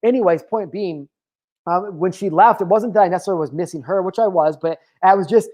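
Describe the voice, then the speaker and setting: A man in his thirties hosts his own casual motivational show, his voice sitting high and mellow and moving a little fast. He talks candidly and profanely about his feelings, filling his speech with filler words and drifting into tangents.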